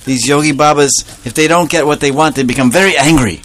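Male storyteller doing a chatty, worried servant woman, higher voice, confiding tone. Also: fast, a bit bright, lightly acted. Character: gossipy worried female household servant.

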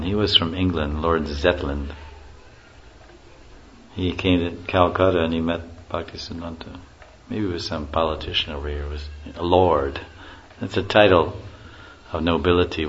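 Deep-voiced man giving a casual spiritual talk. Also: steady tone, moderate pace, a bit bright. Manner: storytelling, chuckling, acts out quotes. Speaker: spiritual teacher. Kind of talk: informal religious lecture. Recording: muffled lo-fi recording with faint hiss.

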